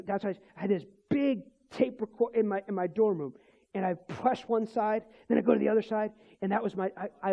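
A man's voice: sits high, dull audio. A man, a Christian minister, telling a personal faith testimony in conversation, rambling with restarts and chuckles.

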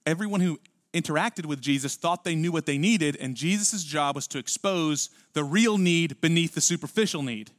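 A pastor with a slightly high voice preaches a sermon at normal speed, addressing the congregation like a friend and asking lots of rhetorical questions. Now and then he drops into a quiet, almost private tone. The recording is close and dry.

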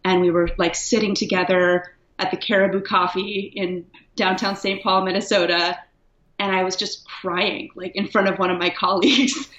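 A candid woman talking through her story in a relaxed interview, reflective and quick to laugh. Her voice sits at an ordinary pitch. The recording is roomy with echo and a little dull. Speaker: guest, writer. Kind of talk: casual interview. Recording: echoey, dull lo-fi sound.

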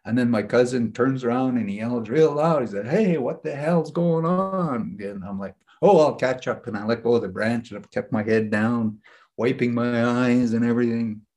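Leading a group session, this spiritual teacher talks at normal speed in a mid-range, slightly mellow voice with fairly even intonation. He shares personal stories earnestly and casually, wandering off track and often restarting or saying "you know."

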